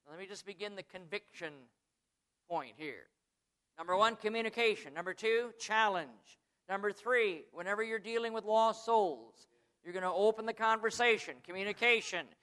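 A man preaching a sermon, swinging from quiet asides to loud, high, drawn-out emphasis, who says he is from the United States. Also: clean tone.

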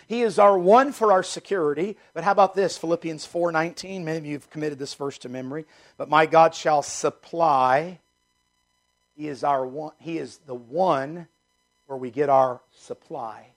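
Gravelly-voiced emphatic male pastor preaching. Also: fairly high pitch. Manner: emphatic, repeats key phrases, swings from loud to hushed. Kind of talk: sermon.

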